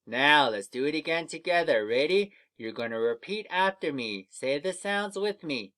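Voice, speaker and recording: A man teaching young children to read, leading slow, patient drills of letter sounds for an online lesson. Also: fairly high pitch, lively intonation, a bit bright.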